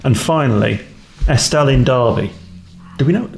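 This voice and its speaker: A man's voice: medium pitch, lively intonation, normal speed, vocal fry, a little hiss or hum. Producer guy reading listener qs, dry teasing humor, echoey room. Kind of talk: casual chat.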